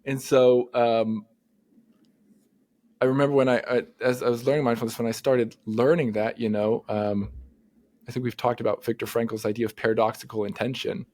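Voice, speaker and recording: A man, a therapist co-hosting a podcast, talking casually and telling earnest, animated stories. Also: mid-range voice, normal speed. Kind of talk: casual conversation.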